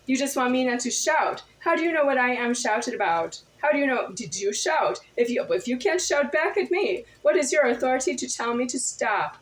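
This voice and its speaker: A woman's voice: high voice, animated, moderate pace, hardly any pauses, echoey room, rough recording. A woman in a confrontational monologue to camera, firing off insistent, repetitive rhetorical questions.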